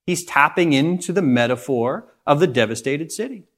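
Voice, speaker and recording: A man's voice: fairly high pitch, expressive, normal speed, fairly bright tone. A man preaching a sermon, earnest and putting rhetorical questions to his listeners.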